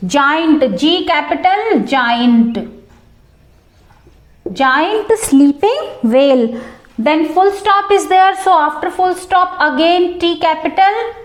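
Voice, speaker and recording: A woman's voice: very high voice, takes it slowly, reverberant. A woman teacher, explaining a textbook lesson to students step by step and often addressing them directly.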